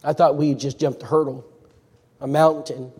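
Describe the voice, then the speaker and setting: A man preaching a sermon as a dramatic story, swinging between loud and hushed. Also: fairly high pitch, flat delivery, moderate pace, husky, big-room sound.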